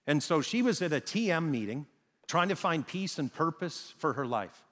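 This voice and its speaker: A man preaching a sermon, telling a story with emphatic, dramatic pauses. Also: fairly high pitch, expressive, fairly bright tone. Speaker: pastor. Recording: reverberant hall sound.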